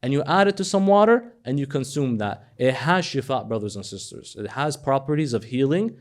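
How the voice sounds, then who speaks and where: A man giving a sermon, swinging between loud emphatic questions and hushed storytelling. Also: mid-range voice, expressive, brisk, vocal fry, few pauses. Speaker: speaker at a religious gathering.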